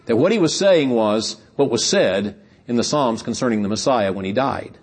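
A man's voice: mid-range voice, animated, normal speed, breathy edge. A man preaching a sermon, earnest and explanatory, often repeating words as he builds toward emphatic points.

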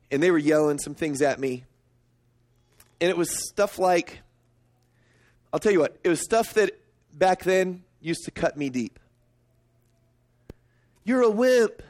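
High-voiced preaching man. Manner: storytelling, emphatic, rising to high excited pitch. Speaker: pastor. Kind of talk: sermon.

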